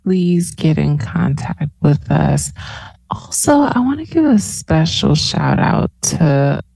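A woman hosting a community radio show, chatting casually with jokey asides and slowing down to guide listeners through a calm moment. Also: low-pitched, vocal fry, dry recording.

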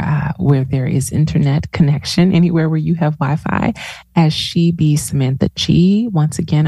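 Low gravelly-voiced woman radio host. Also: mellow, no echo. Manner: chatty, joking asides, slows down to guide listeners. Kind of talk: casual radio talk.

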